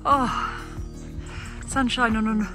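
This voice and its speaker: A woman, talking to camera on a countryside walk in an unhurried, musing way. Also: fairly high pitch, fairly even intonation. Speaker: vlogger. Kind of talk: casual walking vlog. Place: outdoors in windy countryside. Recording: vlog voice with clear background music.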